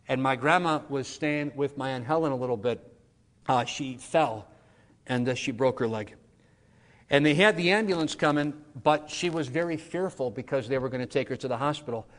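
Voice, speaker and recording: A man preaching a sermon, telling a personal story earnestly and acting out the voices he quotes. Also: mid-range voice. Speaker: pastor. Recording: long reverb of a large hall.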